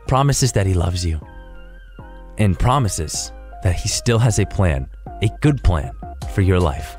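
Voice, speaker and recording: A man's voice: low-pitched, lively intonation, unhurried, darkish tone, faint music behind. A man hosting a devotional podcast, talking straight to the listener in an earnest, encouraging way. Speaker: podcast host. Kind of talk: devotional talk.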